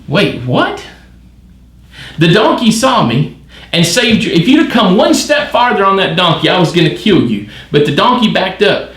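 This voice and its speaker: A man's voice: high voice, big pitch swings, normal speed, a bit bright, reverberant. A man leading a midweek Bible study, reading scripture and wondering aloud at it with many questions. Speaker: church Bible teacher.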